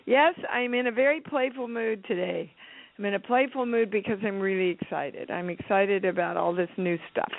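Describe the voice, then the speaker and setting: A woman's voice: medium pitch, moderate pace, creaky. A woman hosting a radio talk show, playful and effusive, chatting casually with fillers. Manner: bubbly, effusive, with fillers and giggles. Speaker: radio show host and channeler. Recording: tinny phone-line radio sound.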